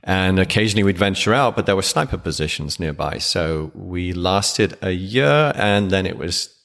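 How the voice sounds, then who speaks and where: Deep-voiced middle-aged Englishman, reverberant. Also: lively intonation, normal speed, vocal fry, fairly bright tone. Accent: English, softened by years abroad. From England. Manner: wry, self-deprecating storyteller. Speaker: podcast guest. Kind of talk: casual interview.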